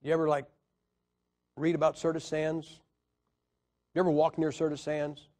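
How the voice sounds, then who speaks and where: A man's voice: on the high side, monotone, moderate pace, darkish tone. A man teaching a Bible class in a lecture style, asking his listeners questions and counting out syllables for emphasis. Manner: emphatic, asks the audience questions.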